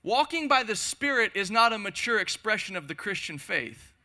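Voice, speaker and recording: A man's voice: sits high, big pitch swings, normal speed, bright, forceful tone. A man preaching a passionate sermon to a congregation, speaking in emphatic, repeated phrases. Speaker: pastor. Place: church hall before a congregation.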